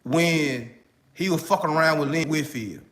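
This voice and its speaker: A man's voice: on the high side, normal speed, a bit bright. Memphis man with a cold, slangy commentary. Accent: Memphis, Tennessee. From Memphis, Tennessee. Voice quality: slangy, repeats "you know what I'm saying". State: getting over a cold. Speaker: online relationship coach. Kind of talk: casual video commentary.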